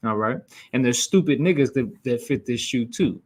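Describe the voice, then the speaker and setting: A man leads a scripture class in a blunt, scolding preacher's voice. He talks plainly and profanely to his listeners, and his pitch sits in the middle of the male range. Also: animated, normal speed, breathy edge. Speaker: class instructor.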